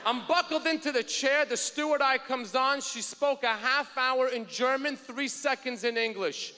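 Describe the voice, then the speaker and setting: High, bright-voiced male stand-up comic. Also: moderate pace. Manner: punchy storytelling, shouted punchlines. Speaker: stand-up comedian. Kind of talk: stand-up comedy. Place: comedy festival stage. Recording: reverberant hall stage with faint noise.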